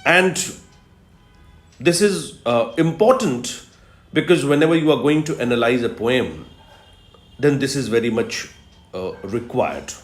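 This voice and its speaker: A man giving a recorded lecture on poetry, teaching slowly and emphatically with repetitions and fillers. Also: mid-range voice, expressive, soft background music. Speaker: English literature lecturer. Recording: echoey room.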